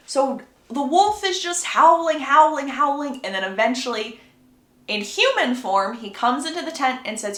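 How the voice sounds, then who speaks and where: A woman's voice: high-pitched, a bit bright, echoey room. Chatty young woman retelling a story. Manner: chatty, acts out quotes in quick voices. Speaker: book recap creator. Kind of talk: casual book plot retelling.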